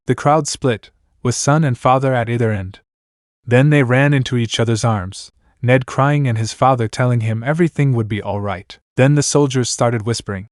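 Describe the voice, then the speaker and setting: A man reading fan fiction aloud as a narrator in a plain, steady way. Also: mid-range voice, moderate pace, dry recording, clean studio sound. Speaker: story reader.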